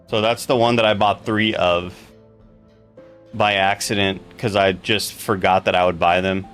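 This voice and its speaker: A young man rambling to his stream chat, joking and cursing casually as he goes. His voice sits low but sounds bright and forceful. He talks loosely, trailing off and restarting often. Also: steady tone, a little slow, soft background music. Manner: rambling, joking, swears freely.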